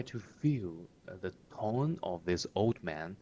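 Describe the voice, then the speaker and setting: A man explains lines slowly and patiently, repeating words and filling pauses with "uh". His low voice moves up and down a lot. The sound is dull and lo-fi. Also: animated, a little mellow, a little hiss or hum. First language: Chinese. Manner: slow, patient explaining with many fillers and repetitions. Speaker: Chinese language teacher. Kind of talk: explaining sitcom lines to learners.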